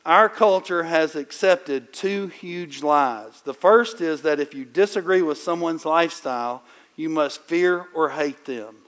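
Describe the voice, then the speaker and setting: Animated high-voiced male preacher. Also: measured pace. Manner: conversational, animated storytelling with sudden loud bursts. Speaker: pastor. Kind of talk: sermon.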